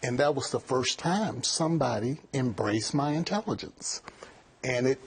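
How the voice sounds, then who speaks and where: Middle-aged man, college president; earnest, a bit husky, restarts his sentences. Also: mid-range voice, animated, moderate pace. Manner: earnest, repeats words while thinking. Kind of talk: interview answers.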